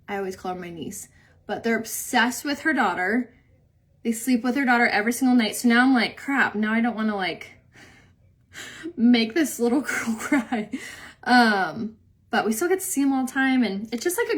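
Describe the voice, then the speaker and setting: A young woman hosts a makeup live stream, chatting casually, rambling, answering viewer comments, laughing easily, and saying "like" a lot. Her voice is medium in pitch and a bit bright.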